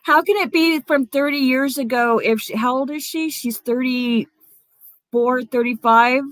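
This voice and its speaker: Running her own stream, a woman with a high voice and fairly bright tone angrily singles out viewers by name and swears freely. She keeps a measured pace, and the recording is dry.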